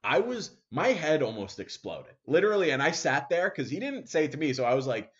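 A man host telling a story casually, animated, with many fillers, acting out what people said. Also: a little high, a little fast. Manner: animated, full of fillers and acted-out quotes. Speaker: podcast host. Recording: dull lo-fi sound.

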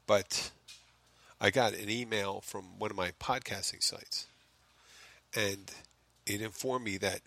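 Philly guy rambling on his comedy podcast, swearing a lot, bright voice, dry close sound. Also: on the low side, fairly even intonation, unhurried, vocal fry, long pauses, no echo. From Philadelphia. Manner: rambling, profane, self-mocking asides. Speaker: podcast host. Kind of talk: casual comedic monologue. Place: home in the Florida Keys.

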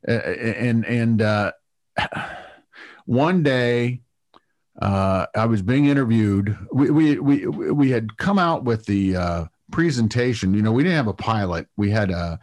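A man's voice: mid-range voice, lively intonation, slow, a little mellow. Man telling a long anecdote with many restarts. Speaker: TV producer guest. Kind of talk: storytelling interview.

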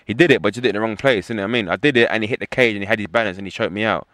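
A young man rattles through his story at a fast clip, voice sitting fairly low. The sound is dry and close, with no room around it. He keeps circling back to "you know what I mean" as he talks. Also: a bit bright, no room sound. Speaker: professional fighter as guest. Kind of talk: casual interview talk.

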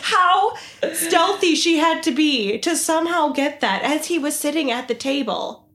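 A woman in her thirties co-hosting a casual podcast, telling animated stories and laughing often. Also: high-pitched, a little slow. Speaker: podcast co-host. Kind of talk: casual chat.

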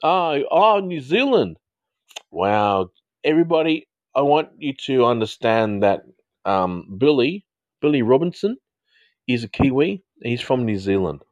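A man in his fifties hosting a live stream, chatting casually with viewers in a rambling way and quick to laugh. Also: medium pitch, very animated, no room sound, muffled recording. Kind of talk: casual live chat reading viewer comments.

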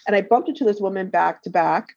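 Therapist lady telling a story, lively, does little voices for people, laughs a lot, dull lo-fi sound. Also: mid-range voice, fast, creaky, dry recording. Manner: animated, acts out quoted voices, laughs often. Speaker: therapist and energy healer. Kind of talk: casual storytelling in a conversation. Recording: dull, slightly lo-fi dry recording.

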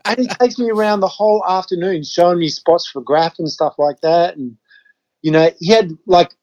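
A man's voice: sits high, moderate pace, darkish tone, lo-fi sound. An Australian man in his fifties from Western Australia, telling stories casually as a podcast guest, swearing freely. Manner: laid-back, swears freely, acts out his own reactions. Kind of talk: casual storytelling.

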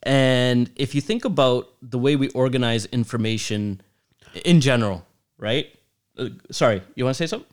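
A man's voice: medium pitch, moderate pace, clean tone. A man in casual podcast chat, explaining ideas and thinking aloud with restarts.

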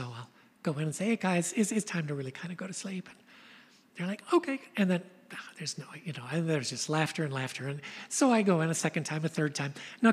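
An older man preaching a sermon, telling stories in an animated way and dropping to a whisper for emphasis. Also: sits high, breathy edge. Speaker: pastor. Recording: long reverb of a large hall.

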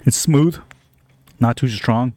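A young man, co-hosting a casual podcast over beers and cigars, relaxed and swearing a lot. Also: mid-range voice, takes it slowly, no echo. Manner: laid-back, swears often. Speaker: podcast co-host.

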